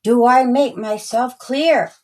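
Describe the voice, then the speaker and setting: A kindly snowman father from a children's storybook, calm and welcoming as he explains himself, read out by a woman. The voice sits high and moves at an unhurried, gentle pace, with no heavy character voice. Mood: calm, friendly.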